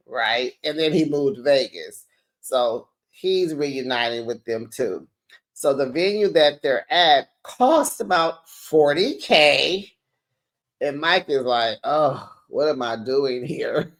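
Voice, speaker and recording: A woman hosting a casual reality TV recap, chatty and animated, talking straight to her viewers. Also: low-pitched. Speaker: recap channel host.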